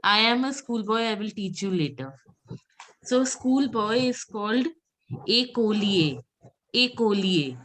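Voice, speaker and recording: A woman's voice: a little high, normal speed, fairly bright tone. A woman teaching French pronunciation in an online class, patiently repeating words for her students over a video call.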